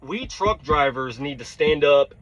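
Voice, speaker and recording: A man's voice: a little high, animated, unhurried, fairly bright tone, rough recording. A truck driver telling a heated, blunt story, swearing and checking in with his listeners as he vents. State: tired. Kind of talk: storytelling vlog rant.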